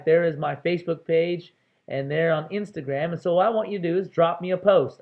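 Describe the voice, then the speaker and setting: A male instructor giving a casual, chatty introduction to an online course, with many fillers. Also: on the high side. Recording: tinny phone-like audio.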